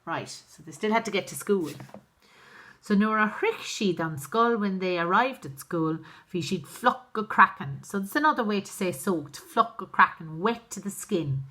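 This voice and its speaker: A woman's voice: medium pitch, expressive, moderate pace, fairly bright tone. A woman, a primary school teacher reading a story aloud and explaining each phrase in plain terms. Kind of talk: reading and translating a story for pupils.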